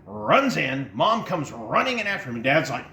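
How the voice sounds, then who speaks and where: A middle-aged man from Texas telling comic stories from his childhood, animated and laughing as he acts out moments. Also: mid-range voice, normal speed, slight background noise. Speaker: storyteller. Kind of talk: comic personal storytelling. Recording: roomy sound with faint music.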